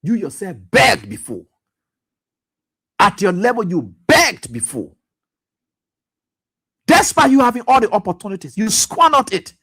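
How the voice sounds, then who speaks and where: A man's voice: very high voice, gravelly, fairly bright tone, breathy edge. A man hosting a radio talk show, delivering impassioned, accusatory political commentary with repeated pointed questions. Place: radio studio.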